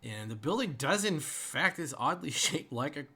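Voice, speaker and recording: A man narrating as game master of a tabletop game, often halting and restarting. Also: fairly high pitch, big pitch swings, pushed and bright, slightly rough. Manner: halting, stuttering in-character delivery.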